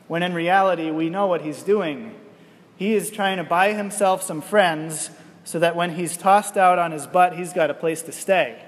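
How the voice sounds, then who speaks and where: A male pastor giving a sermon, preaching in a slow, emphatic way and asking rhetorical questions. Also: on the high side, big-room sound.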